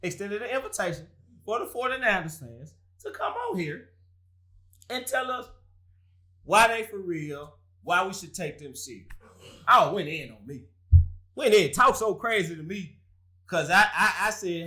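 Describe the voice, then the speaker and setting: A man's voice: high-pitched, very animated, normal speed, long pauses, pushed and bright. A man hosting a casual sports talk show, trash-talking rival fans with frequent laughter.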